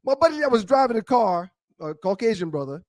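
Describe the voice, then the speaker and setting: A man co-hosting a talk show, telling stories with halting restarts. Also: high voice, sing-song, no echo. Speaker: co-host. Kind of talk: casual storytelling chat.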